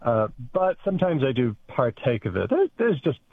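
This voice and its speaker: A linguist, a man with a wry, dry sense of humour, talks with a lively, rising and falling pitch. His voice comes through a narrow, tinny phone line. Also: moderate pace, gravelly, husky, no room sound. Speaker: linguist guest. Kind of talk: radio interview chat.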